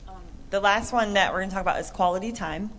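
A woman with a mid-pitched voice co-hosting a Christian talk show. She talks in a chatty, animated way and acts out little scenes as she goes. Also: fast talker, slight background noise. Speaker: co-host. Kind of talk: Christian podcast chat.

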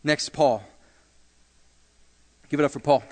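A pastor preaching a sermon in a church, repeating phrases and stretching out words for emphasis. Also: male voice, fairly high pitch, slow, darkish tone. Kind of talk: sermon with testimonies. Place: church sanctuary. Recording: long reverb of a hall.

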